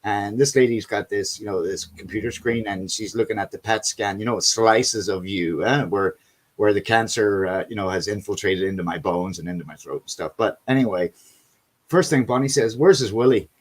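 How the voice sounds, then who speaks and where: A man's voice: on the low side, normal speed. A man hosting a casual video chat, telling rambling stories, swearing freely and calling people buddy and man.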